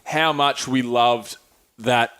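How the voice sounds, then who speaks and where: A man hosting a podcast, chatting casually about travel with energetic, rambling lists and free swearing. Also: mid-range voice, slow pace, clean tone. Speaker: podcast host.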